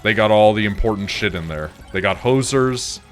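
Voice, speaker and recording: On the low side and at normal speed, a Canadian man streams his gaming and rambles casually. He swears freely and fills his speech with "like."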